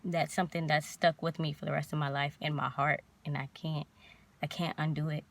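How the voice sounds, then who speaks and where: A young woman vlogger telling a painful personal story in a halting, emotional way, near tears. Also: low voice, little pitch movement, vocal fry.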